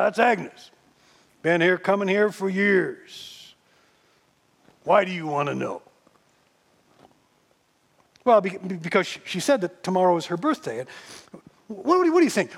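A kind, earnest pastor who asks his questions politely and trips over words, as a man tells it in a story. The voice sits high and has a creaky edge. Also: exaggerated voice. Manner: earnest, stammering.

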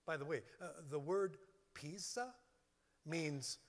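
Male pastor, high animated voice, emphatic sermon delivery, echoey hall. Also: slow pace. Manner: emphatic, lists words one by one. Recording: long hall reverb.

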